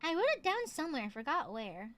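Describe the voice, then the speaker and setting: A young woman talks to her stream in a loose, chatty way, laughing often and swearing freely. Her voice sits high and swoops up and down. Faint music plays softly behind her. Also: very animated, fast. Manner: swears casually. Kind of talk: casual chat.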